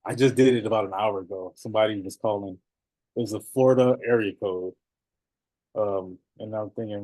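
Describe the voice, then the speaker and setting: A man coaching notaries in a casual, animated talk, laughing often and repeating phrases. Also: fairly low pitch, a little fast, no room sound.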